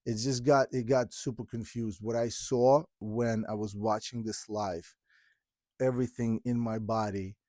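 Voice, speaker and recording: A man's voice: fairly low pitch, steady tone, measured pace, warm tone, no echo, clean studio sound. A man from Ukraine, hosting a podcast and speaking earnestly and from the heart, often breaking off and restarting. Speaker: podcast host. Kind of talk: candid podcast conversation.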